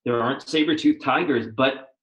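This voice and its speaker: A man's voice: mid-range voice, normal speed, lo-fi sound. Earnest male interview host, echoey room. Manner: earnest, animated, often restarts phrases. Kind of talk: conversational interview.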